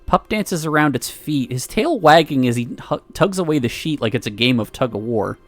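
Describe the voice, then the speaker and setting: A man streaming, reading a visual novel aloud with expressive narration and laughing asides. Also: medium pitch, moderate pace, faint music behind.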